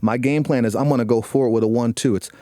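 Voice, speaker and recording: A man, a boxing coach and podcast guest, speaking in an earnest, measured, motivational way. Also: mid-range voice, steady tone, dark tone, dry recording, clean studio sound. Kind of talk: casual podcast chat.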